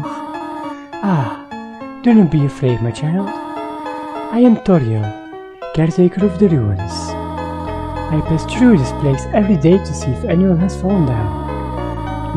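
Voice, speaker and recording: A woman voicing a gentle, motherly goat monster caretaker, speaking softly and formally over game music. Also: sits low. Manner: soft, slow, formal.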